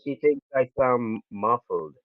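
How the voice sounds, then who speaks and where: A man joining a livestream remotely, talking in an unhurried way with drawn-out greetings. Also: mid-range voice, animated. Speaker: livestream co-host. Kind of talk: casual livestream chat. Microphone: bluetooth earbuds on a call. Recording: muffled remote audio.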